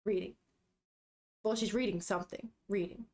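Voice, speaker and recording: A woman's voice: mid-range voice, steady tone, normal speed, darkish tone. A young woman reading a manga aloud and chatting about the panels, giggly and casual. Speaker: manga reader streamer.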